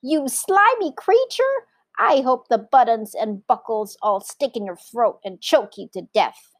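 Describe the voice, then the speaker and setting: A woman voicing an excitable male monkey in a children's story, squealing and loud. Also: a little high, measured pace, dry recording, studio quality, pitched above the performer's own voice. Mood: shrill alarmed. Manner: squealing, alarmed.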